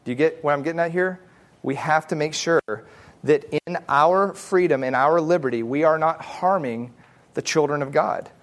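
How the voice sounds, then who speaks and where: A man's voice: a little high, moderate pace. A man teaching a Bible study in an earnest, conversational way, repeating phrases for emphasis and often asking whether his point makes sense. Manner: earnest, checks in with listeners often.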